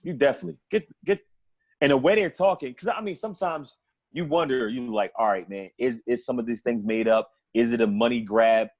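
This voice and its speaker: A man's voice: medium pitch, fairly quick, darkish tone. A man co-hosting a sports podcast in casual chat, rambling and profane, often laughing between his points. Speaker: podcast co-host.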